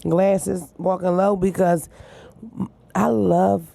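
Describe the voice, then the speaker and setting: A woman's voice: lowish voice, level tone, slow, gravelly, warm tone. A young adult woman comedian, a guest on a podcast, chatting casually in a brash, profane, joking way. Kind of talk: casual chat.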